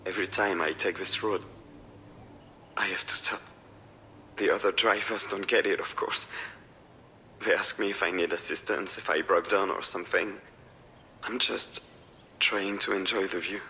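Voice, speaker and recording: A troubled man in a narrative game, with a fairly low voice and a strained, confessional delivery. He sounds like he is finally letting out what he has held back for a long time. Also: steady tone, normal speed, long pauses, sharp tone, slight background noise. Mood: wistful. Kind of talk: video game voice acting.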